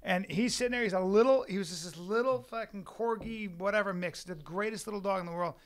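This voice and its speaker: Guy with a pretty high voice, podcast co-host in a studio, animated swearing stories, repeats stuff for emphasis. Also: fast talker. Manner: animated, profane storyteller who repeats himself for emphasis. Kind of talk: casual podcast chat.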